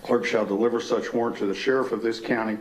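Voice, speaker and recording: A man, serving as a judge, reads a formal courtroom sentence in a measured way. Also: medium pitch, fairly even intonation. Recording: echoey courtroom with faint noise.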